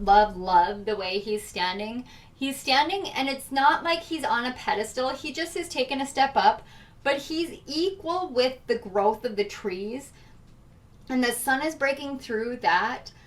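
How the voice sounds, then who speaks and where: A woman's voice: a little high, distant mic, a little hiss or hum. A woman doing a casual tarot reading, chatty and emotional, with frequent laughs and fillers. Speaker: tarot reader.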